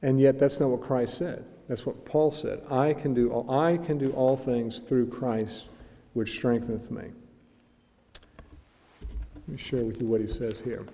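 A man preaching a sermon in an earnest way, reading passages aloud and building to loud, emphatic peaks. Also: medium pitch, fairly even intonation, unhurried, creaky, big-room sound.

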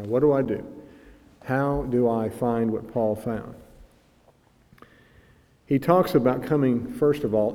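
Earnest preacher man in a reverberant hall. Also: medium pitch. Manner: earnest, builds to loud emphatic peaks when reading and quoting. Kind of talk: sermon with read-aloud passages.

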